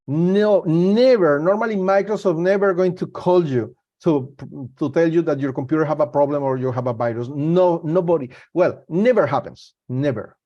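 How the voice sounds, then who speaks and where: Higher-voiced man presenting a security webinar. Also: mellow, lo-fi sound. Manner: halting, repeats and restarts words. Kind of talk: live webinar talk.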